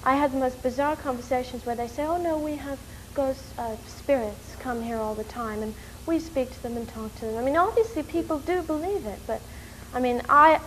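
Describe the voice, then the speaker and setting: Brief: woman from New York, fairly high voice, excitable casual storyteller, faint hiss in a quiet room. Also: rough recording. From New York, USA. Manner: animated, rushing and excitable, with many fillers. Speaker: interviewee.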